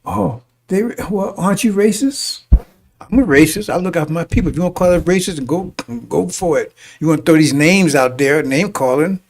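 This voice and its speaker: A man with a high voice preaches to his congregation in a loose, rambling commentary. He stumbles and repeats words, chuckles between points and keeps checking in with "see?", sometimes rising to emphatic declarations. His voice sits some distance from the microphone. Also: brisk, creaky, few pauses. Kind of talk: rambling sermon-style commentary.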